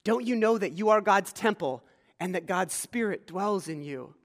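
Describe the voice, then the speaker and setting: A man's voice: sits high, lively intonation, moderate pace, long reverb tail. A man from rural Pennsylvania preaching a conversational sermon in a church, quizzing the congregation. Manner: conversational, engages congregation with questions. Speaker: pastor. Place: church sanctuary.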